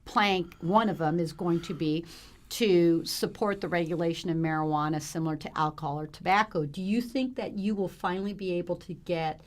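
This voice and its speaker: A woman co-hosting a casual panel talk, asking lively, emphatic questions. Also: on the low side, moderate pace.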